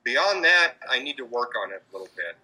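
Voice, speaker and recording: A man's voice: mid-range voice, very animated, a little fast, pushed and bright, breathy edge, poor audio. A man answering interview questions about his street performing, hesitant, with many fillers and restarts. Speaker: street performer in mobster costume.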